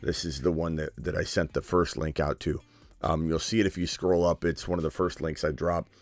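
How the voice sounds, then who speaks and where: A man hosting a live stream, joking and excitable as he talks through his picks, sometimes dropping to a hushed whisper. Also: extremely low pitch, brisk, no room sound. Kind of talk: casual live-stream commentary.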